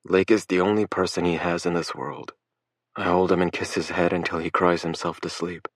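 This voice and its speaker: Deep-voiced male narrator, measured first-person read, dry close recording. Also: steady tone, no echo. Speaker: audiobook narrator.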